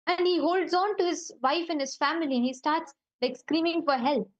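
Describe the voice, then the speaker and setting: A woman telling a spiritual story in an animated way, with fillers like "uh" and "you know". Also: high-pitched, moderate pace, no echo, low-quality recording. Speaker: devotee giving a spiritual talk.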